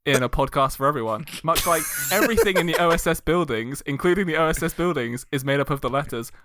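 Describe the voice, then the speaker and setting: A man guesting on a podcast, making rambling jokes in a deadpan way. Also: on the high side, fast talker, a little hiss or hum. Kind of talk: casual podcast chat.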